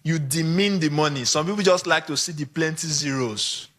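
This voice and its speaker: A man with a Nigerian accent gives an animated conference talk to photographers, acting out short examples as he goes. His voice is a little high and he talks at a normal speed.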